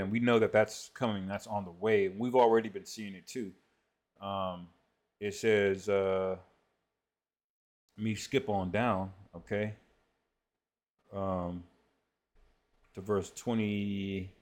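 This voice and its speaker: Low-voiced man giving casual scripture commentary. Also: fairly even intonation, darkish tone. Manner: conversational, peppers speech with "man"; reads scripture verses aloud slowly. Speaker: online prophecy commentator.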